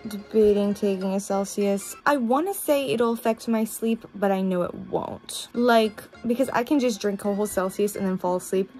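A woman's voice: moderate pace, few pauses, a little mellow. Bubbly young woman chatting to her phone, self-deprecating, faint music under. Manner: rambling, bubbly, self-deprecating, sing-song swings in pitch. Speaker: vlogger. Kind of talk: casual vlog chat. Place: home and car. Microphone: phone camera.

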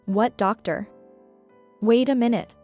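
A bewildered middle-aged father, weak after surgery, asking confused questions, as a woman narrator reads him. The voice is fairly high, with faint music behind. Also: fairly even intonation, slow, a little mellow.

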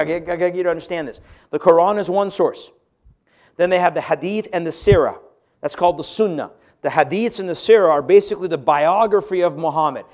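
A man giving an emphatic sermon-style lecture to an audience, asking rhetorical questions. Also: high voice. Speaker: speaker on religion.

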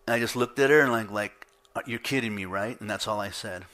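Animated man preaching, bright voice. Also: fairly low pitch, a little fast. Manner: animated storytelling, acting out his own reactions with laughs. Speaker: pastor. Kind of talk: sermon with personal stories. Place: church.

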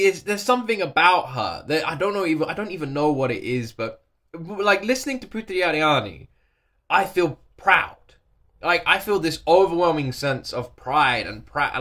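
A man's voice: a little high, bright, forceful tone. A British man from England hosting a reaction video from his attic, tearful and gushing, repeating himself and laughing between words. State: tearful, voice thick with crying. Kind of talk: casual reaction commentary. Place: cold attic at home.

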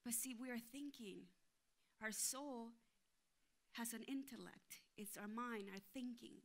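A woman's voice: a little high, a little slow. A woman pastor preaching with a story, acting out her inner voices and the people she quotes. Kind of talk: sermon with storytelling.

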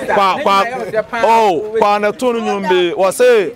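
A man giving an impassioned street interview outdoors, rising to excited pleas. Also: high-pitched, moderate pace. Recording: outdoor crowd noise. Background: crowd chatter.

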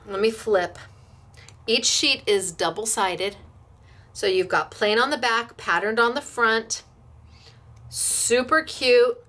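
This woman's voice is mid-range and a bit bright. She's running a craft shop's live demo, gushing bubbly chatter about the products she shows and laughing frequently.

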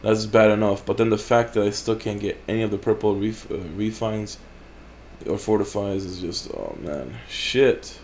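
A man's voice: on the low side, fairly even intonation, normal speed, darkish tone, slight background noise. A man hosting a gaming channel, giving casual gameplay commentary in a blunt, heavily profane way. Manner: profane, blunt, frequent swearing.

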